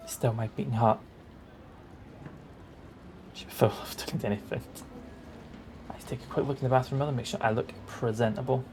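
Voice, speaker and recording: A man's voice: medium pitch, steady tone, moderate pace, long pauses, background noise, natural voice. A man voicing a dreamy, self-absorbed young man in a 1920s story, speaking wistfully and theatrically.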